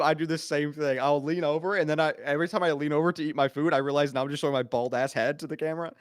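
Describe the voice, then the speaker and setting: A man's voice: a little high, fairly even intonation, quick pace, hardly any pauses, slight background noise. A man hosting a casual podcast chat, rambling and laughing often.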